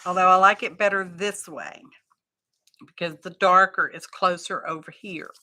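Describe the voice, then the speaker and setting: A woman's voice: lowish voice, fairly even intonation, normal speed, pushed and bright. A woman hosting a craft livestream, chatting casually and thinking aloud with folksy asides.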